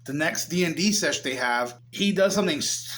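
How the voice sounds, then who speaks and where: A man's voice: a little high, lively intonation, a little fast, a bit bright. A young man casually recapping a movie in a chatty way, often acting out what the characters say. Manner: chatty, acts out the characters' lines. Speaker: movie reviewer.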